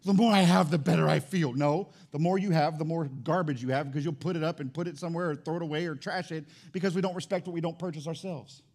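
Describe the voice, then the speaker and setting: Male pastor preaching in church, punchy and repetitive, kinda high voice. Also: steady tone, fast, few pauses, darkish tone. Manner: preachy, emphatic, repeats key phrases. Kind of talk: sermon.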